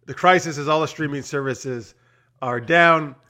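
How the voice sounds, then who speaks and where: A man's voice: on the high side, normal speed. Laughing man hosting improv. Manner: laughing, relaxed. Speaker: improv show host. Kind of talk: casual improv setup.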